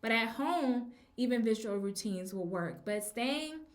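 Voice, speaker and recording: A woman's voice: fairly high pitch, animated. Chatty woman podcaster in an echoey room. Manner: chatty, speaks slowly and stresses key words, frequent ums. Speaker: podcast host, teacher. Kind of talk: casual advice podcast.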